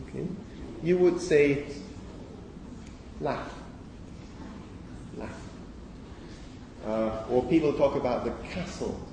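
A male lecturer talks through phonetics in a large lecture hall, picked up from a distance with a long, roomy echo. His voice is dark and mellow and sits a little high for a man. He explains patiently and keeps checking in with the class. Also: a little hiss or hum. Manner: explanatory, addresses students with frequent okays.

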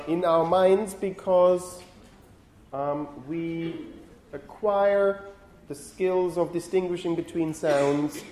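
A man's voice: high voice, dark tone. Man lecturing in an echoey room. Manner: explanatory, repeats "okay?" to check understanding. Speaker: linguistics lecturer. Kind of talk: university lecture. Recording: echoey room with faint ambient noise.

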